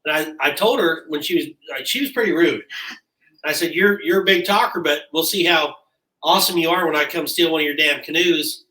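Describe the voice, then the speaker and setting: Young Kansas guy, cocky interjector, bright voice, echoey distant pickup. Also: on the high side, a little fast. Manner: boastful, cuts in with quips. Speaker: guest, rodeo cowboy. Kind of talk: casual storytelling. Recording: roomy sound from a distant mic.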